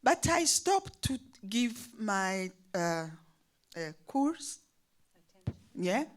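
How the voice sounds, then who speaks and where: Slow, animated older woman. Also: a little high. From Burundi. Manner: halting, restarts words, nonstandard phrasing. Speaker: guest speaker. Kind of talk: personal testimony.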